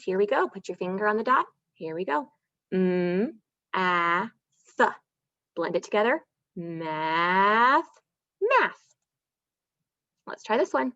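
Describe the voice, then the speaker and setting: A woman teaching an online first-grade phonics lesson, stretching out letter sounds slowly and praising in a sing-song way. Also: mid-range voice, a bit bright, no echo. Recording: dull, dry lo-fi sound.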